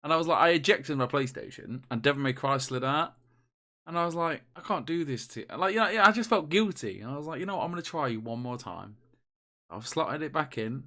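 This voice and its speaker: A man co-hosting a casual gaming podcast, telling stories in a rambling, animated way with many restarts. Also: a little high, brisk. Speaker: podcast co-host. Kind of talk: casual chat.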